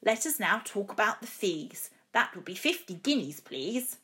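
A woman voicing a gleeful, greedy male dentist in a read-aloud poem, with loud, cheerful exclamations. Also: mid-range voice, sing-song, moderate pace.

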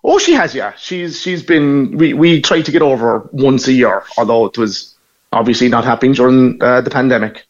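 A man's voice: mid-range voice, moderate pace. Middle-aged cork irish guy chatting, dull lo-fi line, easy storytelling. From Ireland. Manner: chatty, laughs while telling stories. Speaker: guest. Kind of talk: casual phone interview.

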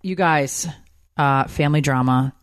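A woman's voice: sits low, a little slow, no room sound, studio quality. A middle-aged woman hosting a podcast, chatting casually and teasing her co-host, with lots of fillers.

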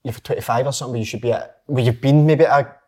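Fast-talking blunt Scottish man. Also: mid-range voice, fairly even intonation, darkish tone, breathy edge. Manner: blunt, laughing, rapid rants with swearing. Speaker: footballer, podcast regular. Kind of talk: casual chat.

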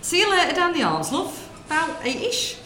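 A woman's voice: very high-pitched, sing-song, normal speed, sharp tone, a little hiss or hum, pitched above the performer's own voice, heavily acted. Lady playing a nosy shop lady, bouncy sing-song voice, roomy. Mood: gossipy. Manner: chatty, nosy and cheeky. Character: gossipy middle-aged northern shopkeeper woman. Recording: roomy room sound.

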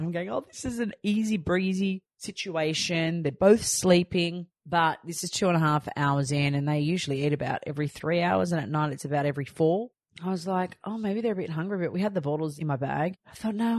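A woman's voice: low-pitched, darkish tone, dry recording, studio quality. An Australian woman in her thirties hosting a podcast, telling stories in a chatty way and acting out what she said. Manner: chatty storytelling, acting out her own lines. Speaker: podcast host. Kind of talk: casual chat.

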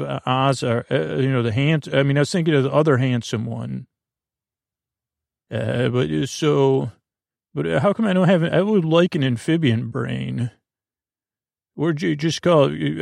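A man hosting a sleep podcast, rambling gently through a meandering bedtime monologue with frequent restarts. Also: medium pitch, creaky, no echo, clean studio sound. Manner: meandering, hesitant, with many restarts; soft and soothing.

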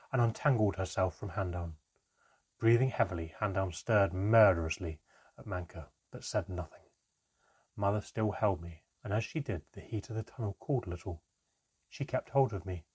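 A man narrating a storybook chapter in a steady, measured reading. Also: fairly low pitch, husky.

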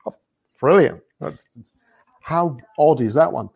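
Gravelly, husky man chatting football. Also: on the high side, expressive, slow, no room sound, dull audio. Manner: chatty, laughs often, restarts sentences. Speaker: football podcast guest. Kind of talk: casual chat.

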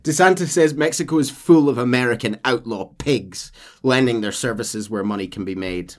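A man's voice: mid-range voice, moderate pace. A man hosting a podcast, casually retelling a game's story and chuckling along the way. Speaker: podcast host.

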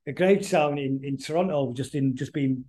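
A middle-aged man with a mellow, medium-pitched voice chats as a guest musician in a casual interview. He rambles and halts, often stopping to restart his sentences.

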